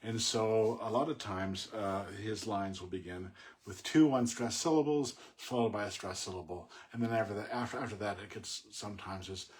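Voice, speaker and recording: A middle-aged man talking casually about a poem he admires, thoughtful and halting, with many fillers and restarts. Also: lowish voice. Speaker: poet discussing a poem. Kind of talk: casual spoken commentary on poetry.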